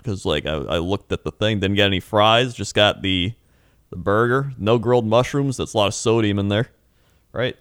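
A man's voice: fairly low pitch, moderate pace, fairly bright tone, smooth, dry recording, studio quality. A man co-hosting a casual chat, telling a story in a laid-back way and laughing often. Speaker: podcast co-host.

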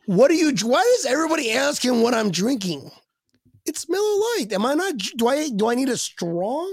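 A man's voice: very high-pitched, sing-song, moderate pace, no echo, clean studio sound. A man chatting as a guest on a fan podcast, rambling, swearing and laughing as he tells stories. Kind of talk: casual podcast chat.

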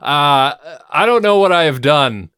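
A man co-hosting a podcast in casual chat, telling stories in an animated, profane way. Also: a little high, a little slow, clean tone, no room sound, clean studio sound. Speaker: podcast co-host.

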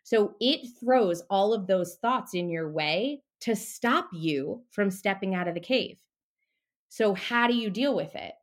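A woman talking as a mindset coach in a casual podcast interview, animated and a little profane. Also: medium pitch, a little slow.

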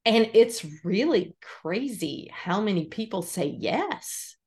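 Middle-aged lady guest, animated and earnest, tells stories, laughs a lot. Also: medium pitch, slow pace. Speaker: author and podcast guest. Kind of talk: conversational storytelling.

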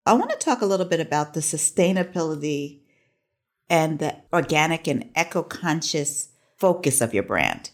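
A woman's voice: low voice, very animated, normal speed. A woman hosting an interview, asking brief, encouraging questions. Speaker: podcast host.

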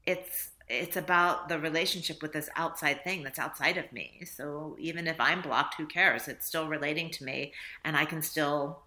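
A woman's voice: low-pitched, normal speed, few pauses, pushed and bright. A woman author talking reflectively in a casual interview, laughing often and acting out little dialogues. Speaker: author guest.

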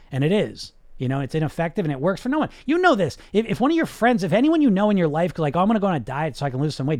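Male hypnotist host, emphatic and blunt, fairly high voice with a very animated delivery. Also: no room sound, clean studio sound. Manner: emphatic, blunt, peppered with rhetorical questions and mild swearing. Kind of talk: motivational podcast monologue.

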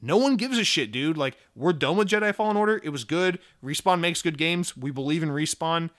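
Man, slightly high-pitched, gaming news host, casual rant, sarcastic, profane. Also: lively intonation, a little fast, a bit bright.

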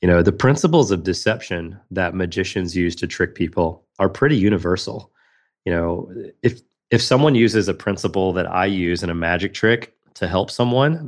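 A man guest on a podcast interview, telling a personal story in an earnest, reflective way. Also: deep voice. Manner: earnest, reflective, with frequent restarts. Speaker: guest, magician and speaker.

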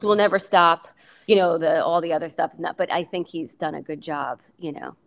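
Low-voiced chatty middle-aged woman. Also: brisk, gravelly. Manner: chatty, rambling, many fillers and restarts. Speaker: guest, coach's wife. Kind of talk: casual interview talk.

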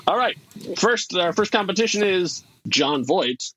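A man's voice: high-pitched, expressive, unhurried, pushed and bright, dull audio. A man co-hosting a casual movie podcast, chatting loosely, laughing often and restarting sentences as he runs a game. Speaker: podcast co-host running a game.

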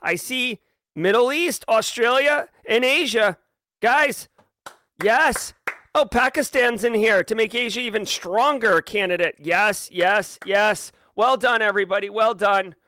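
Hyped high-voiced man hosting a livestream. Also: dry recording. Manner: hyped and playful, rapid shout-outs. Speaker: livestream host. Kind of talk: live show chat with viewers.

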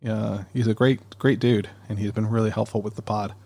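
A man's voice: lowish voice, steady tone, normal speed, vocal fry, darkish tone, husky. A man hosting a podcast, rambling and chatty in a casual monologue, recorded on a studio dynamic mic. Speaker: podcast host.

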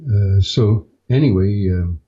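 A man, a podcast guest, telling his own story in a casual, halting way with frequent "uh" fillers. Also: on the low side, warm tone, muffled recording. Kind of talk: casual first-person storytelling.

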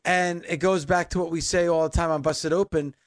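A man hosting a podcast, measured as he sums up and reads the outro. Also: fairly high pitch, steady tone, no echo. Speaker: podcast host.

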